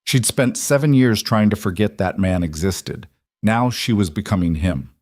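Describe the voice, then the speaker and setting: A man reading a mafia drama as scripted narration, measured and even. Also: fairly low pitch, no echo, studio quality.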